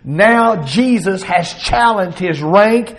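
Man, southern accent, high voice, preaching, animated. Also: slow pace, rough recording. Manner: expressive preaching, voicing Jesus in bursts. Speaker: pastor. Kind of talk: sermon.

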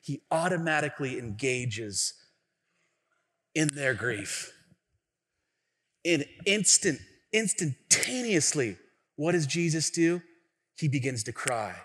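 A man preaching a sermon as pastor, telling stories animatedly with acted quotes and a casual, filler-heavy delivery. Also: fairly high pitch. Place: church sanctuary. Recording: long church hall reverb.

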